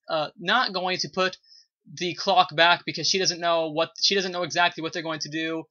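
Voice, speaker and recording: Solo video reviewer, bright tense voice, rambling, filler-heavy, enthusiastic, muffled lo-fi recording. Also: mid-range voice, a little fast. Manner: rambling, heavy use of "you know" and "uh" fillers; enthusiastic, gushing praise. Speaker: TV episode reviewer. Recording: dull lo-fi recording.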